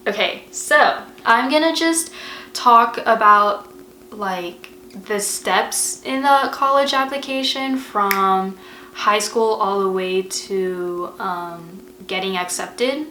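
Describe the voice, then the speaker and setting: A young woman talks to camera in a relaxed, unhurried way, her voice bright and open. She speaks with lots of casual fillers and heartfelt emphasis. The room has a noticeable echo. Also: mid-range voice, slight background noise. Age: young adult. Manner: chatty, emotional, lots of "like" fillers. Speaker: vlogger. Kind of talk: casual advice vlog.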